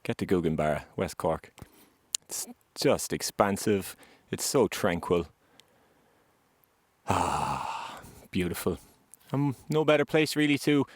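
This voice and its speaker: A man hosting a vlog, speaking gently and earnestly about gratitude and acceptance while out on a hike. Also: on the low side, no echo. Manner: gentle, earnest, spiritual, unhurried with pauses. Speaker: podcast host sharing his survival story. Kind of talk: reflective spoken vlog on a hike. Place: outdoors on a hillside.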